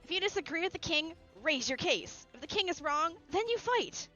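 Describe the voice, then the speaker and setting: A woman's voice: very high voice, very animated, moderate pace, pushed and bright, dull audio, faint music behind, voice pushed up, exaggerated voice. A woman voicing an earnest, righteous young woman knight who declaims with passion. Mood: impassioned. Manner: impassioned, declaiming.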